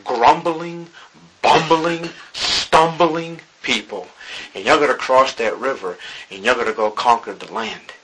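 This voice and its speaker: A preacher acting out God as a calm, fatherly voice speaking to a servant. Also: medium pitch, measured pace, a little hiss or hum, natural voice, rough recording. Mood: emphatic.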